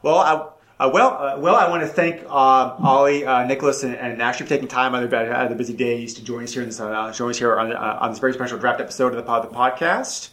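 Male podcast host with a mid-range voice, upbeat and halting. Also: medium pitch, a bit bright. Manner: hesitant, many fillers and restarts, upbeat. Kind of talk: casual podcast chat.

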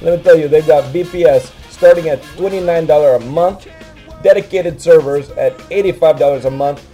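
A man doing a brash action-star pitchman. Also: normal speed, dark tone, soft background music, natural voice. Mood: hyped pitch. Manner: hyped, boastful pitchman delivery. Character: brash male action-star impression hawking a web host. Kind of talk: comic mock advertisement.

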